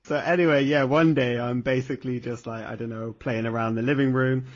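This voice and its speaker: A man's voice: medium pitch, fairly even intonation, brisk. A young man telling a story in casual podcast chat, swearing freely and laughing often. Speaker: podcast co-host. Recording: dull lo-fi podcast audio.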